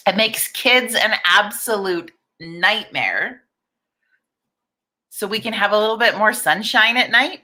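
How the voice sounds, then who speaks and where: A woman's voice: mid-range voice, measured pace, pushed and bright. A middle-aged woman hosting a casual live-stream chat, talking candidly, swearing freely and greeting viewers by name. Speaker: livestream host.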